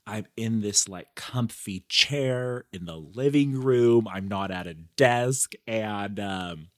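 Unhurried man, candid podcast chat. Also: lowish voice, no room sound, studio quality. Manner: candid, reflective, playful slang. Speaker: podcast host. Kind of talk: casual solo podcast chat. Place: living room, in a comfy chair.

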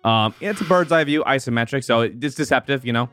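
A man running a tabletop game as game master, narrating slowly with many ums and pauses. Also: mid-range voice, fairly bright tone, smooth, no echo. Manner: hesitant, many fillers, slow deliberate narration.

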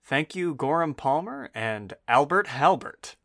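A man's voice: fairly high pitch, animated, measured pace, bright, forceful tone. A young man, a player on a tabletop game podcast, chatting in a laid-back, joking way. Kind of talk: casual chat.

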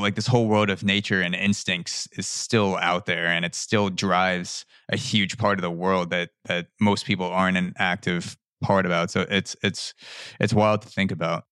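Low, flat-voiced male podcast host. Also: clean tone, no room sound, clean studio sound. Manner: rambling, with frequent restarts and repeated words. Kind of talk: casual conversational interview.

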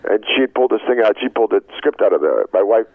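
Low voiced guy on a phone call, super animated, rambly, dry tinny line. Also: racing, slightly rough, dry recording. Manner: expressive, rambling, swinging between loud excitement and low murmurs. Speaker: actor guest. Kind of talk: animated interview talk.

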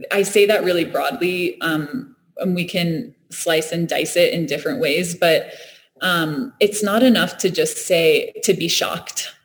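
A woman's voice: lowish voice, measured pace. A woman talking in a reflective, earnest way, often laughing and restarting her sentences. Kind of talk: reflective casual conversation.

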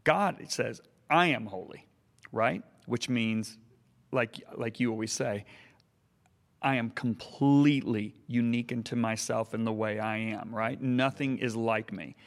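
A man with a gravelly, fry-edged voice explains scripture in a reflective, teaching manner. His voice has a mid-range pitch, and a long reverb trails behind it. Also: measured pace. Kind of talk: casual faith conversation.

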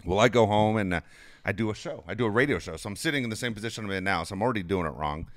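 A man's voice: on the low side, animated, racing, dry recording, clean studio sound. A middle-aged man telling a long personal story in casual chat, swearing freely and laughing often.

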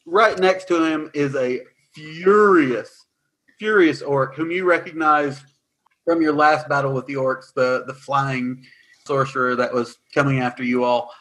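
Man running a tabletop game. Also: medium pitch. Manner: animated, quick recaps with fillers. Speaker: dungeon master.

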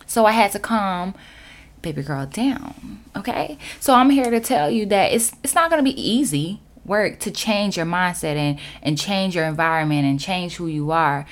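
A woman motivational speaker telling a personal story in a sassy, emphatic and animated way. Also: on the low side, normal speed.

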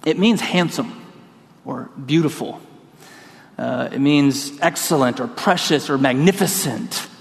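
A man preaching a sermon in a church, telling a lively personal story and acting out the voices in it. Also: mid-range voice, unhurried, vocal fry, big-room sound. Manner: storytelling, acts out quoted voices. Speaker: pastor.

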